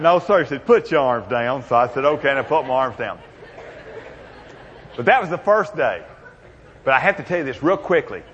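A man's voice: fairly high pitch, a bit bright. An older man telling folksy, humorous stories in a speech to an audience. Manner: folksy, humorous, drawling storyteller. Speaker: motivational speaker. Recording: muffled, echoey hall.

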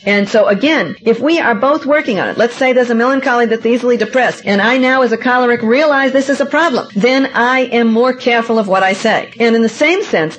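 A middle-aged woman giving a seminar talk, telling personal stories in an animated, self-mocking and emphatic way. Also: a little high. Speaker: seminar speaker. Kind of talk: lecture with personal anecdotes. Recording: dull lo-fi recording.

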